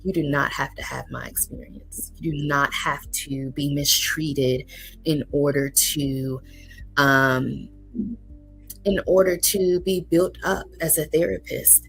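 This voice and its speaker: A woman therapist appears as a guest in a casual interview, speaking earnestly and encouragingly with frequent ums. Her low voice is gravelly and husky yet fairly bright, steady in tone and slow. The rough recording has faint music underneath.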